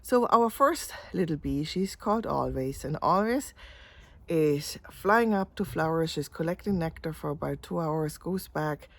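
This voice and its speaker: A woman telling a gentle, chatty little story in a casual way. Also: low voice, animated, measured pace, creaky, no room sound.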